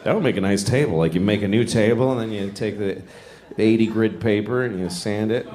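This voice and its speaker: A man's voice: fairly low pitch, brisk, darkish tone. A man in his fifties from Boston doing live stand-up comedy on a club stage, conversational and self-mocking with rambling riffs. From Boston, USA. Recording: roomy club with audience laughter.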